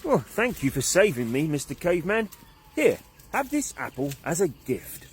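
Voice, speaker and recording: A man's voice: a little high, sing-song, moderate pace, slight background noise, voice pushed up. A man voicing a grateful little bird that speaks politely and cheerfully.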